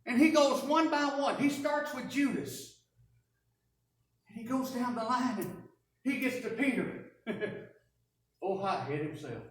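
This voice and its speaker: A woman preaching a first-person dramatic sermon, telling the story in an animated, wry way. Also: a little high, measured pace, pauses often. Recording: echoey church from a distance.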